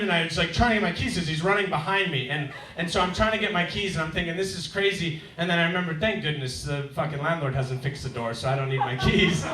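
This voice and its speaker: A man doing a stand-up set, telling a wry story and acting out his neighbours in loud voices. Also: fairly high pitch. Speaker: stand-up comedian. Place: comedy club stage. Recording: roomy club sound, heard from a distance.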